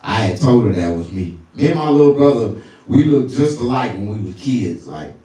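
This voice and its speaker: A male stand-up comedian telling crude stories, often jumping into falsetto. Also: animated, moderate pace, dark tone, very echoey, recorded from a distance. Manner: crude, storytelling, swings into falsetto.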